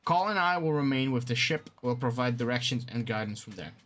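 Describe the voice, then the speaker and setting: Rescue-ship captain giving orders to a new recruit, as a man reads it aloud, bright tense voice, steady briefing tone, game dialogue. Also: mid-range voice, a little fast, slight background noise, natural voice.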